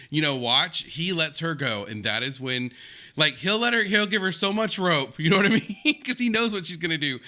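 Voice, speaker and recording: A man's voice: a little high, sharp tone. A man hosting a reaction video, commenting in a chatty, amused way. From United States. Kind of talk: casual commentary.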